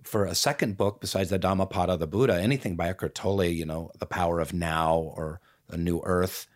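A man with a slightly low voice chats casually as a podcast co-host. His talk is reflective and gently playful, often trailing off into soft asides. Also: fairly quick. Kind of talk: casual conversation.

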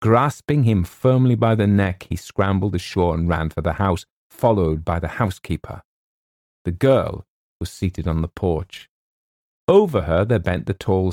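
A man reading a comic short story aloud as an audiobook narrator, in a measured storytelling manner. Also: sits low, darkish tone, dry recording, studio quality. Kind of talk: scripted narration.

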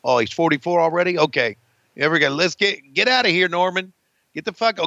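A man co-hosting a podcast, calling a wrestling match with excitable, profane play-by-play, on a dull lo-fi recording. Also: high voice, vocal fry, no room sound. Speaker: co-host and wrestling commentator. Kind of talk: casual podcast match commentary.

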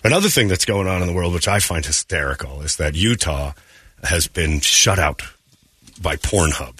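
A man's voice: deep voice, animated, normal speed, sharp tone, slightly rough, dry recording. A man hosting a morning radio show, telling stories in crude, joking, casual talk on a studio microphone.

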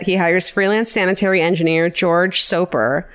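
A woman's voice: on the low side, fairly even intonation, normal speed, a bit bright, clean tone. A woman co-hosting a podcast, casually retelling a case in a chatty, profane way. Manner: profane, chatty, laughs often. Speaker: podcast co-host.

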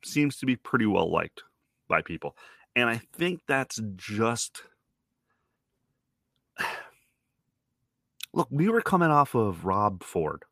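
A man's voice: mid-range voice, very animated, takes it slowly, vocal fry, long pauses, fairly bright tone, no echo, studio quality. A man from Toronto in his thirties hosting a podcast, rambling through a wry, self-deprecating monologue and swearing casually. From Toronto, Canada. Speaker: podcast host.

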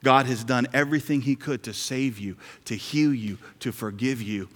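A man's voice: medium pitch, moderate pace. A male pastor preaching a sermon in a conversational, joking way, repeating key lines. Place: church sanctuary. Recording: hall reverb.

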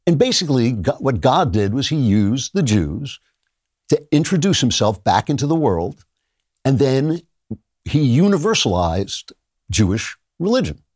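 Emphatic man lecturing with a lively voice. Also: mid-range voice, unhurried, husky, dry recording, clean studio sound. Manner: emphatic, lecturing, laughs at times. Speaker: podcast host. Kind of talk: opinion monologue.

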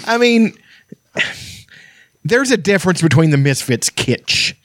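A man co-hosting a podcast in casual, rambling chat, profane and animated as he tells stories. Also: sits high, unhurried, no echo, studio quality. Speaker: podcast co-host.

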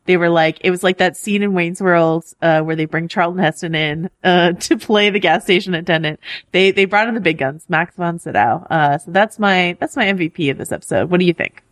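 A woman's voice: fairly low pitch, a little fast, dry recording, clean studio sound. A woman co-hosting a podcast, chatting casually with many fillers and frequent laughs. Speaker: podcast co-host.

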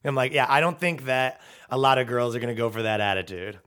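A man's voice: medium pitch, fast, a bit bright, smooth. A man hosting a comedy podcast, riffing in a rambling, profane, sarcastic way. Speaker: podcast host.

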